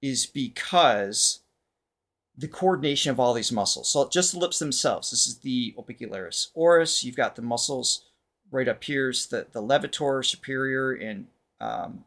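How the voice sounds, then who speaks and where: A man hosting a reaction show as a vocal coach, explaining things in a casual, animated way and laughing often. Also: medium pitch, moderate pace.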